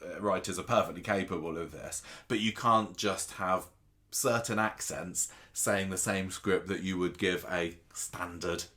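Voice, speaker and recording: A man's voice: low-pitched, steady tone, unhurried, pushed and bright. A man co-hosting a casual chat show, talking in a rambling way with many restarts and asides. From England. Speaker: podcast co-host. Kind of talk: casual chat about a soap opera.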